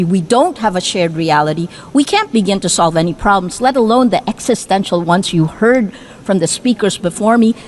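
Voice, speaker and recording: A woman's voice: mid-range voice, a little hiss or hum. Woman from the Philippines giving a formal speech. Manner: measured, emphatic delivery with deliberate pauses. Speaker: speaker addressing the UN assembly. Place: large assembly hall.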